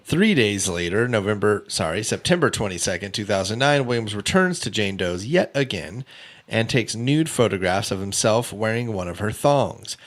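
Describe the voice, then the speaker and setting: A man hosting a casual true crime podcast, reading out a case timeline with offhand asides and quick self-corrections. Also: fairly low pitch, big pitch swings. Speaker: podcast host.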